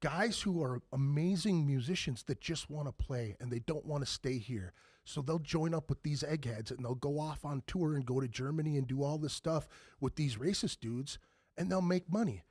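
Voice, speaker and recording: A man in his forties, a band member guest on a podcast, telling stories in a lively, profane way and loudly acting out what people said. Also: fairly high pitch, moderate pace, no echo, studio quality. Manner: animated, profane, acts out quoted lines loudly. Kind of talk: casual podcast storytelling.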